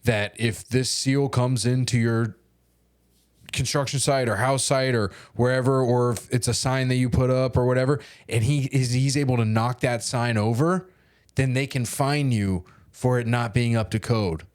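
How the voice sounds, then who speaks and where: Comedy podcast co-host, male, mid-pitched, loose and foul-mouthed banter. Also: steady tone, moderate pace, darkish tone, no room sound, clean studio sound. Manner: loose, profane, joking. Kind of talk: casual chat.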